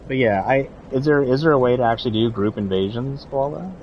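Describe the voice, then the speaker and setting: A young man streams a video game, chatting casually with viewers and cheering on his in-game companion. His medium-pitched voice is brisk, the highs are cut off, and there's slight background noise.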